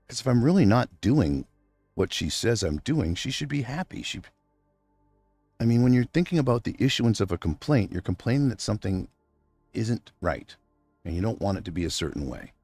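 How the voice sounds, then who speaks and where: A middle-aged man talks unscripted on his livestream. He rambles from the heart and is close to tears, his low voice husky and rough with fry. His voice is dry and close, with faint music in the background. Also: big pitch swings, normal speed, darkish tone, no echo. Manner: rambling, heartfelt, addresses his absent wife directly. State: near tears. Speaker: livestream host. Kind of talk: unscripted emotional monologue.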